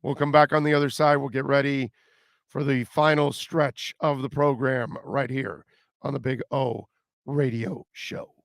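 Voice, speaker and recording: Gravelly-voiced male sports radio host. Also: mid-range voice, fairly even intonation, a little slow, no echo, clean studio sound. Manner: chatty, fillers and repeated words. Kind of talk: casual sports talk radio.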